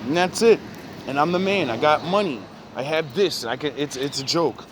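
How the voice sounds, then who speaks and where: A man speaks in a loose, rambling monologue, his voice sitting slightly high. He talks in profane street slang, with faint background noise behind him. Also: normal speed. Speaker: vlogger. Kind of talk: casual reflective monologue.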